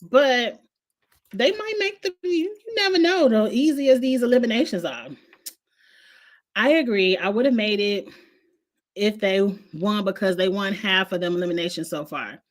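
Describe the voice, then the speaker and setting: A woman's voice: medium pitch, expressive, moderate pace. Blunt, opinionated woman host. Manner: blunt, opinionated, swears freely. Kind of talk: casual reality TV recap.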